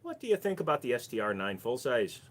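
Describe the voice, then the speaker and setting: A man's voice: mid-range voice, huge pitch swings, quick pace. A man with a Minnesota accent, casually answering viewer questions on a livestream in a blunt, profane way.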